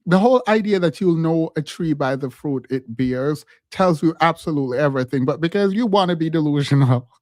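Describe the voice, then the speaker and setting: A man hosts a stream and reacts to a clip, blunt and sassy, with strong opinions. His voice sits a little high for a man and sounds dry and close. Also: lively intonation, fairly quick, hardly any pauses, a little mellow, dry recording. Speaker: host.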